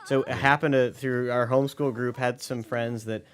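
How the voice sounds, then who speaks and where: A man with a mid-range voice recounts recording sessions with animated enthusiasm. He laughs often and warms to each anecdote as he goes. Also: medium pitch, moderate pace, clear, resonant tone, faint music behind. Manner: animated storyteller, laughs easily. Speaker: producer in a film commentary. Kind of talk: casual commentary anecdotes.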